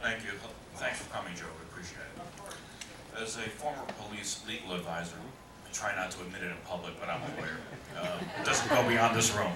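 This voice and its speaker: A man's voice: fairly low pitch, expressive, a little fast, heavy background noise. A man in the audience, a former police legal advisor, asking a question in a wry, self-deprecating way. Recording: echoey hall from far off with a crowd.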